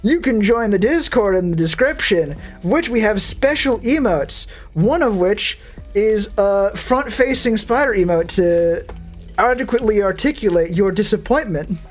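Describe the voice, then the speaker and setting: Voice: medium pitch, animated, unhurried, soft background music. A VTuber streamer chatting casually with a live audience and answering chat, with a sardonic, profane, rambling manner.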